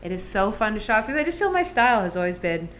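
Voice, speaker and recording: A woman's voice: medium pitch, big pitch swings, quick pace, fairly bright tone, a little hiss or hum. A woman co-hosting a podcast in casual chat, talking loosely with lots of fillers while recovering from surgery and still on medication. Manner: chatty, lots of "like" fillers, laughs often. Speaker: podcast co-host.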